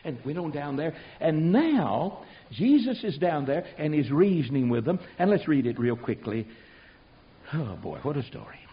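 A man preaching an animated sermon, telling the story in a folksy way and swinging from loud to hushed. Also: on the high side, normal speed. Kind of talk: animated sermon with acted-out voices. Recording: dull lo-fi sermon recording.

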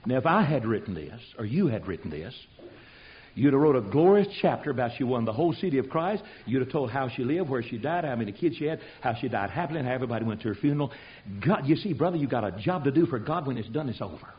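A man preaching an animated sermon, telling the story in a folksy way and swinging from loud to hushed. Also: mid-range voice, quick pace. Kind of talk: animated sermon with acted-out voices. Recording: dull lo-fi sermon recording.

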